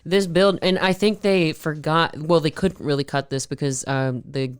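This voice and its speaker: A woman co-hosting a podcast in casual chat, telling stories in an animated way and laughing often. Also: sits low, normal speed, clear, resonant tone, no room sound. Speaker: podcast co-host.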